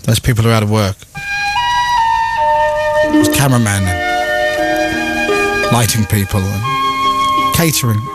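A man hosting a radio show in casual chat, briskly and playfully reading out a stream of listener texts and names. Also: lowish voice, poor audio. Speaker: radio host. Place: radio studio. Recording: music playing under the voice.

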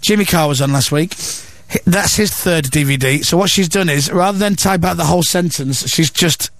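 A man's voice: a little high, moderate pace, no room sound. A man hosting a radio show, bantering and teasing his guest. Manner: teasing, jokey, lively.

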